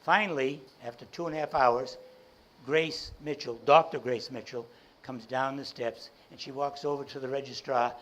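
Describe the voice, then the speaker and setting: A man giving a talk as an entrepreneur, telling a personal story in an animated way. He acts out the dialogue and often restarts his sentences with repeated words. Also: medium pitch, moderate pace, slight background noise, low-quality recording.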